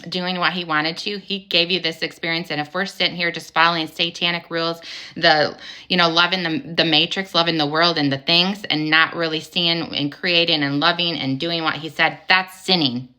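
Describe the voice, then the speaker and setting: A woman's voice: sits low, steady tone, normal speed, pushed and bright, clean tone. A woman delivering an angry, emphatic spiritual monologue, firing rhetorical questions and swearing casually. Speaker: spiritual vlogger.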